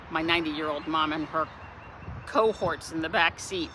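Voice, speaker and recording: A woman with a bright, forceful voice tells funny stories and leaps up in pitch for each character. Faint traffic noise is heard behind her. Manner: expressive, acts out the quoted voices with big pitch jumps. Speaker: joke teller. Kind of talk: storytelling jokes.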